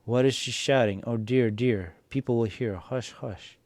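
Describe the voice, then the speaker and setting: A man's voice: medium pitch, fairly even intonation, moderate pace, a little mellow, no echo, close to an everyday voice. A man reading as a fussy coaxing housewife. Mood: flustered. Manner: persuading, flustered.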